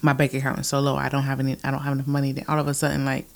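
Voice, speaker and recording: A woman co-hosting a casual podcast chat, animated and expressive, saying "like" a lot. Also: very deep voice, very fast, gravelly. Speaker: podcast co-host.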